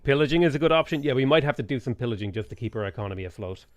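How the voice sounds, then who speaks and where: Smooth-voiced male game streamer. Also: mid-range voice, very fast, no echo. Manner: thinking aloud, relaxed, with frequent ums. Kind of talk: live gameplay commentary.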